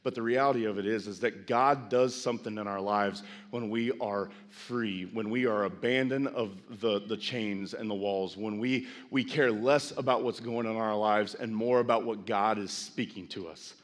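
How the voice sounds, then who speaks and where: A middle-aged man preaching a sermon as pastor, folksy with self-deprecating asides, building to loud, impassioned preaching. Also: on the low side, steady tone, normal speed, few pauses. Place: large church sanctuary. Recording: long church hall reverb.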